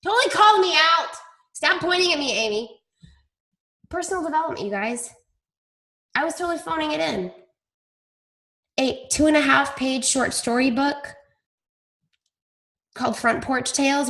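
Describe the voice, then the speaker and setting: Leading her team's coaching call, this woman tells stories in a chatty, self-deprecating style during casual conversation. Her voice is high-pitched, animated and a bit bright, moving at a moderate pace with frequent pauses.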